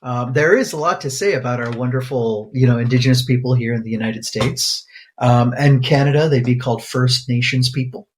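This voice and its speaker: A man's voice: medium pitch, brisk. A man co-hosting a podcast as a pediatric infectious disease doctor, rambling in casual banter full of fillers. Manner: rambling, many fillers, laughs easily.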